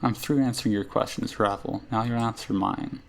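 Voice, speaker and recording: A man reading aloud the lines of a game's immortal, memory-less male hero, in a gravelly voice. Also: lowish voice, fairly even intonation, moderate pace. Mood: probing. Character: immortal amnesiac man, the game's protagonist, questioning. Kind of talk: reading game dialogue aloud.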